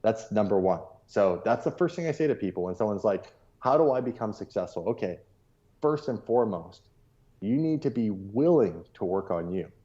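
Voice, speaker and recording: Podcast guest: deep, mellow-voiced man, earnest and repetitive, on muffled lo-fi sound. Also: expressive, moderate pace. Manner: earnest, storytelling, repeats key points. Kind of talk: casual motivational talk.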